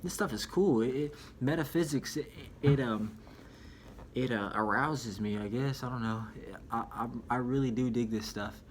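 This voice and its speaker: A young vlogger talks casually to camera, reviewing a book in a rambling, chatty way and often calling the viewer "dude" or "man." His voice is medium in pitch at a moderate pace, with slight background noise.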